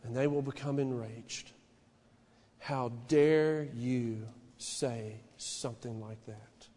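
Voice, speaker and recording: A male pastor preaching a sermon in a church, shouting some lines and dropping to a hushed warning on others. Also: steady tone, slow, in a large hall. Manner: fervent preaching, swinging from shouted declarations to low hushed warnings. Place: church sanctuary.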